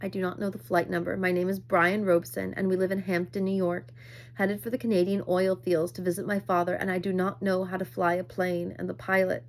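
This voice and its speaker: A woman's voice: lowish voice, level tone, fairly quick, close to an everyday voice. A woman voicing a frightened teenage boy, sobbing and pleading for help over a plane radio. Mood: desperate. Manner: screaming, crying, pleading. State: sobbing, desperate.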